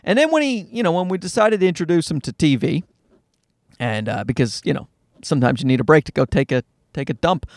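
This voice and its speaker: Sitting alone in a parked car in a parking lot, a man hosts a podcast, spinning rambling, profane stories about fatherhood that poke fun at himself. His voice is a little high and fairly quick, with no room sound.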